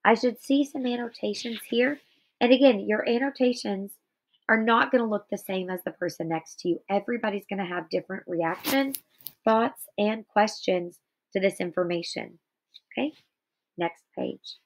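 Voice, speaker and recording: A woman's voice: medium pitch, normal speed. A tired, yawny woman teacher doing a guided reading aloud, with explanations to her students. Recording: slightly dull lo-fi recording.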